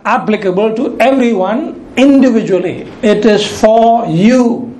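A man preaching a sermon, reading scripture and slowing down to stress key words, repeating them for emphasis. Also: very high-pitched, darkish tone. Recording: echoey room with faint ambient noise.

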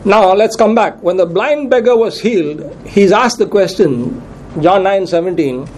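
High-voiced preacher man, questioning. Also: unhurried, a little mellow, a little hiss or hum, rough recording. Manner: repeats questions to the congregation for emphasis; reads scripture aloud with verse references. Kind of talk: sermon.

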